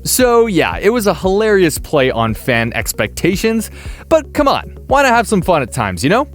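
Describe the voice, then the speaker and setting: A man narrating a countdown video in a chatty, playfully emphatic way, with faint music behind him. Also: high-pitched. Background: faint background music.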